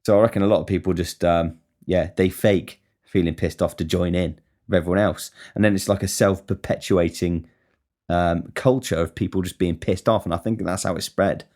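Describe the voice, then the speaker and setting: A man's voice: sits low, fairly even intonation, normal speed, a little mellow. A man talking casually on his podcast in a rambling monologue, swearing constantly and wryly. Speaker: podcast host.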